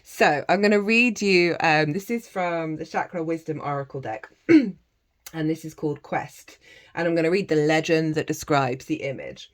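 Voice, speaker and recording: A woman's voice: low voice, moderate pace. A woman reading tarot cards in a casual spiritual talk, chatty, laughing often and breaking into chanted phrases. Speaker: tarot reader.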